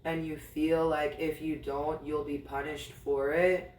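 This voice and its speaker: A man's voice: fairly high pitch, little pitch movement, unhurried, a little mellow, far from the mic, a little hiss or hum. A man hosting a podcast, telling a personal story in a blunt, profane way and speaking straight to his ex. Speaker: podcast host. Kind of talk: candid storytelling monologue. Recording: roomy, a little off-mic.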